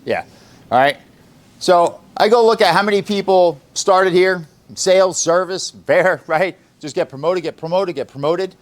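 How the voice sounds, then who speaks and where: A sales boss pumps up his team in the office. His voice sits a little high for a man. He talks bluntly, swears freely and keeps quizzing the room on what he means. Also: expressive, moderate pace. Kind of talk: motivational talk to sales staff.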